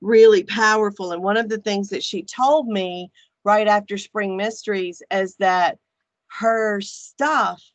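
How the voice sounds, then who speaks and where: A woman guest in casual chat, animated and frank, swearing freely as she talks about her faith. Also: medium pitch, measured pace, dry recording. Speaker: podcast guest, archpriestess.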